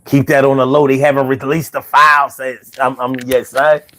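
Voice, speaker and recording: This livestream host reads chat in a medium-pitched, pushed, bright voice, flat in delivery and moderate in pace. His talk with viewers is slangy, profane, and rambling, repeating itself over his own bongos and faint music.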